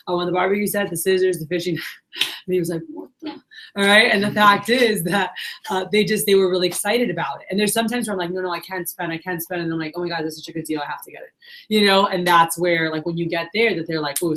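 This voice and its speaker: A woman's voice: lowish voice, rough recording. A woman running a sales team meeting, telling stories from customer calls and acting out each side of them. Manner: storytelling, acts out calls. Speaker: sales manager. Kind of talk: sales training talk.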